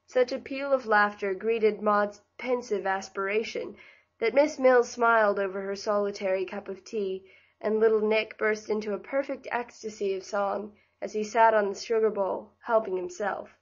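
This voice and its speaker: A woman reading a classic novel aloud as an audiobook narrator, in an even, gentle storytelling manner. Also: mid-range voice, normal speed, highs cut off. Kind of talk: scripted narration.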